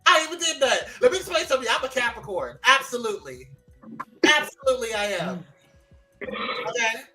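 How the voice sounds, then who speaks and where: A male morning-show host with a high, bright voice that jumps around lively as he teases and laughs through casual chat. Faint music plays underneath. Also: brisk, low-quality recording. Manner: animated, laughing, teasing.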